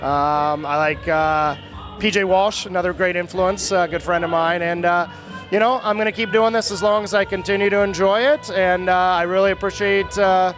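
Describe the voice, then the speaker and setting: A male stand-up comedian closing his set with halting thanks on stage at a live venue. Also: high voice, fairly even intonation, a bit bright, soft background music. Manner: halting, thankful, filler-heavy.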